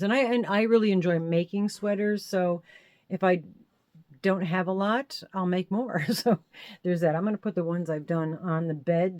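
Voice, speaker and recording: A woman's voice: medium pitch, darkish tone, dry recording. A woman hosting her crochet channel, chatting casually as she shows and explains her handmade sweaters, rambling and correcting herself with small laughs. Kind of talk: casual show-and-tell crochet talk.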